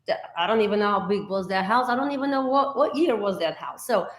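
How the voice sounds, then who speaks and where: A woman's voice: medium pitch, quick pace. Chatty woman real estate agent, echoey room. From New Jersey, USA. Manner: chatty, restarts sentences often. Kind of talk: casual conversation on a show.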